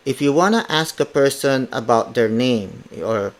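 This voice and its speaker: A man's voice: medium pitch, expressive, normal speed, hardly any pauses. A man teaching a pronunciation lesson on a podcast, patiently spelling words out letter by letter and repeating each phrase. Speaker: language teacher.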